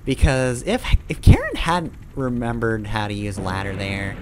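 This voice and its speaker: A man's voice: medium pitch, very animated, normal speed, background noise. A man streaming a game, giving rambling, casual commentary, often correcting himself and chuckling.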